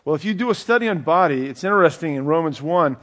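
A man's voice: fairly high pitch, lively intonation, fast, a bit bright. A man preaching a conversational Bible teaching, checking in with his listeners with a frequent "okay?". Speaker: pastor. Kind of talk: sermon.

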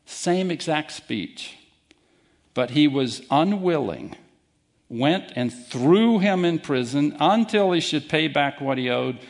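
Male pastor, sermon delivery, higher-pitched voice, emphatic. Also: animated, creaky. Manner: emphatic, deliberate preaching with direct challenges to listeners.

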